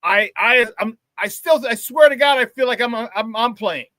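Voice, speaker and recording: A man hosting a sports talk show in a casual, fired-up way, stumbling and repeating words as he gets excited. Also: very high voice, moderate pace, no echo. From Chicago area.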